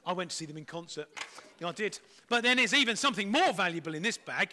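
A man's voice: high-pitched, animated, quick pace, pushed and bright, a little hiss or hum. A middle-aged man giving a playful, chatty children's talk at church.

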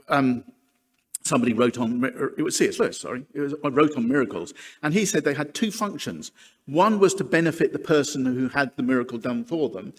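A man preaching a sermon, chatty and self-deprecating with humorous asides. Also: medium pitch. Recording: long hall reverb.

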